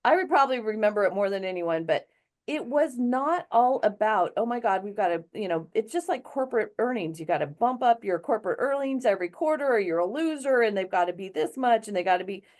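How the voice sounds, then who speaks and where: A middle-aged woman hosting a show, chatty and quick to laugh in casual talk. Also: on the high side, lively intonation, darkish tone. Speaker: show host. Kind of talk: casual chat.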